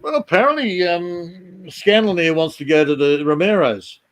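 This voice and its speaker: Slightly high-voiced man, halting stories. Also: clean tone. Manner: halting storyteller, many restarts. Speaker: chat participant. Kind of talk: casual chat.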